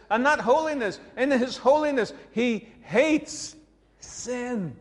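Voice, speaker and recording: A man's voice: very high voice, expressive, takes it slowly, long reverb tail. A man preaching a sermon, conversational and emphatic, chuckling between his points.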